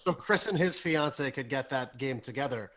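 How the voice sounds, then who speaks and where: A man's voice: medium pitch, moderate pace, a bit bright. A young man guesting on a gaming podcast, joking in an overly earnest, mock-sincere way. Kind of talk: casual podcast banter.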